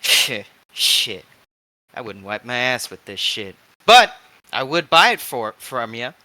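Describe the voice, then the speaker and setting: A man voicing a crude, gruff male fixer who haggles over deals in a tabletop game. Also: mid-range voice, sing-song, takes it slowly, bright, forceful tone, dry recording, heavily acted. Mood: dealmaking.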